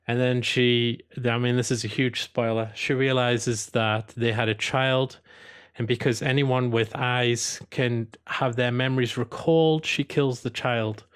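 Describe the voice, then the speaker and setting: A man with a Geordie accent talks through a review in a casual, rambling way. His voice sits at a middle pitch, and he often restarts his sentences. His tone is opinionated and at times slides into a rant. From Newcastle upon Tyne, England. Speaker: video host reviewing episodes. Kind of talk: casual commentary.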